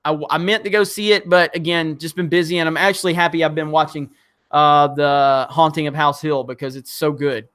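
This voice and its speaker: Chatty livestream host from Alabama. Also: male voice, on the high side, steady tone, a little fast, fairly bright tone. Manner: chatty and enthusiastic, many fillers. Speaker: livestream host reading viewer chats. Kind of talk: casual live-stream chat.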